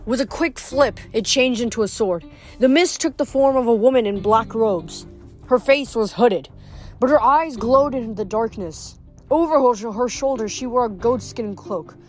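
A woman reading a novel aloud in a steady, measured narration. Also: on the high side. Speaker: reader.

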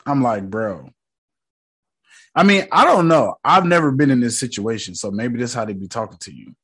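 A man's voice: medium pitch, expressive, moderate pace, a bit bright, husky. A man casually recapping a TV episode in slangy, joking talk, mockingly quoting the characters. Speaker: show recap host.

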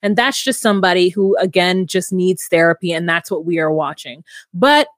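A woman co-hosting a podcast, recapping a reality show in a sassy, animated way and acting out quotes. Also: fairly low pitch, normal speed, dry recording, studio quality. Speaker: podcast co-host. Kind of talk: casual recap chat.

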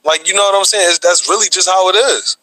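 A man in casual podcast chat, animated and loose with slang and profanity. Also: high voice, fast talker, no room sound, rough recording. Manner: animated, heavy slang and profanity, frequent laughing. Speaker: podcast co-host. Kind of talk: casual chat about battle rap.

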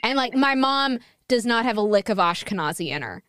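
Animated, foul-mouthed woman podcast host. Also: fairly high pitch, brisk, clean tone, dry recording, studio quality. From United States. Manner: animated, swears freely, acts out quoted voices. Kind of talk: casual chat.

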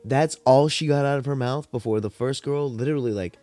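A young man hosting a podcast, telling stories in a rambling, laid-back, profane way while high, with cotton mouth. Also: fairly quick, dark tone, no room sound, soft background music. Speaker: podcast host. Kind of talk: casual storytelling monologue.

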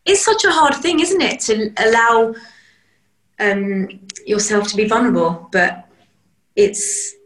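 A woman's voice: on the high side, a little slow, pauses often, fairly bright tone. Reflective woman guest, echoey room. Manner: reflective, open, searching for words. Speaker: podcast guest. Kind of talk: casual podcast conversation.

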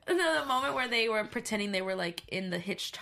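A woman panelist with a gravelly, fry-heavy voice talks eagerly about a series. She rambles and restarts as she goes, in easy, chatty conversation. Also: mid-range voice, expressive, brisk, heavy background noise. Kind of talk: casual panel chat.

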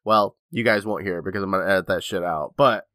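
A man's voice: low voice, quick pace, pushed and bright, no room sound, clean studio sound. A man co-hosting a casual podcast, getting over a cold, laughing a lot and swearing freely as he tells stories. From United States. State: recovering from a cold. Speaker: podcast co-host. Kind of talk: casual chat.

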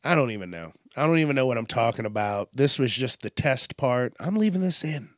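A man's voice: medium pitch, big pitch swings, a little fast, no room sound, studio quality. A man hosting a casual comedic news podcast, rambling and profane, poking fun at himself. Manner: rambling, profane, self-mocking. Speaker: podcast host.

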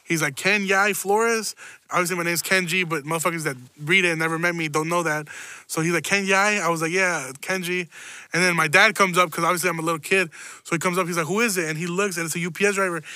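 A man's voice: fairly high pitch, steady tone, rapid-fire, pushed and bright, no room sound. A young man from Chicago telling a personal story in a rambling, self-mocking way, laughing often and swearing freely. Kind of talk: casual profane storytelling.

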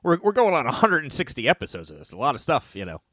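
A man's voice: mid-range voice, wildly swooping pitch, quick pace, pushed and bright, no echo, clean studio sound. A man co-hosting a trivia podcast in casual quiz chat, joking and laughing often.

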